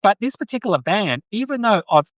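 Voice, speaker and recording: An Australian man from Sydney hosts a loose live-stream chat, a little higher-pitched than most men. His speech rambles and restarts as he reads out viewer comments. The sound is close and dry. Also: lively intonation, a little fast, fairly bright tone, no room sound. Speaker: podcast host.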